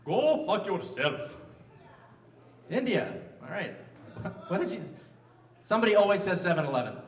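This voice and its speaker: A stand-up comedian in his fifties performs live on a stage mic at a large music venue, mocking himself and bantering with the crowd. His high voice is very animated and brisk, and the sound is roomy and distant.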